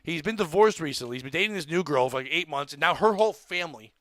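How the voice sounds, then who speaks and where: A man, a comedian, telling a story on a podcast in an excitable, profane way, acting out the screams of the crowd. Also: on the high side, quick pace, no echo, studio quality. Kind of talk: animated storytelling.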